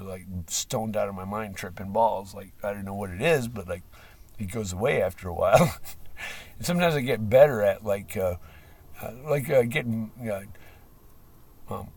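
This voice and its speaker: A man talking in a rambling, profane unscripted monologue, full of fillers and laughs, swinging between loud outbursts and mumbling. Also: on the low side, gravelly, slightly rough, far from the mic. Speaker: livestream host.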